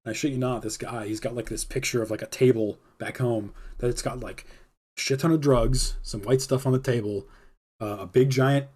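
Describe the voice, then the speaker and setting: A man's voice: mid-range voice, fairly even intonation, moderate pace, darkish tone, husky. A young man hosting a livestream, telling a rambling, laid-back story with a lot of fillers. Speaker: livestream host. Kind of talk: casual storytelling.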